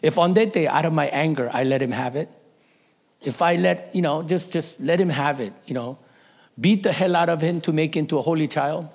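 A man's voice: on the high side, fairly quick, creaky. A middle-aged man, a pastor, telling a personal story in a sermon, emotional and at times dropping to a whisper.

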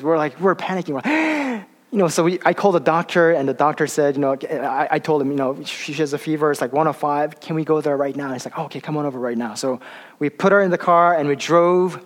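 A man preaching a sermon, speaking haltingly with many fillers and restarts and slowing down for emphasis. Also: a little high. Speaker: pastor. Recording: long hall reverb.

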